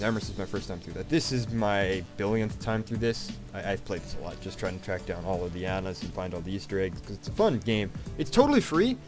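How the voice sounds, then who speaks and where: Let's play host, male. Animated, rambling, profane commentary over game music. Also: on the low side. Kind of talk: casual gameplay commentary.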